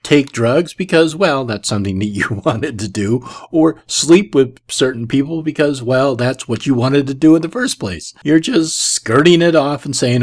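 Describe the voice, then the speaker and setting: A man's voice: medium pitch, expressive, moderate pace, hardly any pauses. A man hosting a reaction commentary, talking in a scornful, mocking and blunt way. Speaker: commentary video host.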